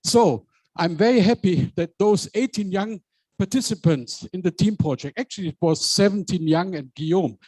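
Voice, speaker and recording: A man chairing a team project, giving a measured, reflective speech with hesitant fillers. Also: high-pitched, a little mellow, dry recording.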